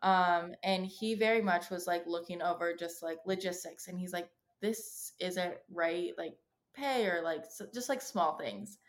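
A woman in her twenties with a somewhat low voice talks through her own stories as a podcast guest. She speaks casually and candidly, acting out what people said to her, and swears freely. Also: a little slow. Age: 20s. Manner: candid storytelling, acts out quoted dialogue, swears freely. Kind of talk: casual chat.

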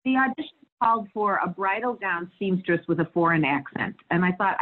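A middle-aged woman, an actress, tells stories in a casual interview, candid and animated and often laughing. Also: lowish voice, a little fast. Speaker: guest actress. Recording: tinny phone-like line.

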